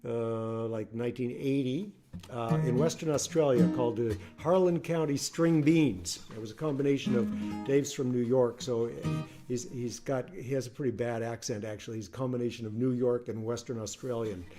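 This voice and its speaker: A man's voice: mid-range voice, moderate pace. An older man, a singer-songwriter, chatting casually on a home livestream between songs, rambling and restarting his sentences. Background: acoustic guitar.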